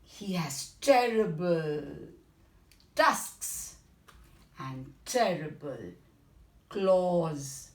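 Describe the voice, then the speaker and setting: A woman with an Indian English accent voicing a clever, bold little male mouse in a children's story, bright and self-assured. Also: low voice, expressive, extremely slow, long pauses, full character voice. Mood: boastful. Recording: roomy echo.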